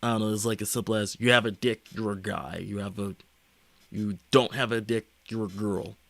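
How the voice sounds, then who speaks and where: A young man streaming, talking casually in a rambling, halting way full of fillers and restarts. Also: on the low side, fairly even intonation, gravelly, a bit bright, no echo. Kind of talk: casual livestream chat.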